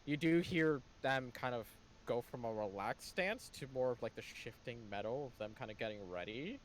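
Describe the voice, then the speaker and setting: A man runs a tabletop game as game master, describing scenes in quick detail. His voice sits in a middle register, and faint noise is heard behind him. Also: mid-range voice, animated.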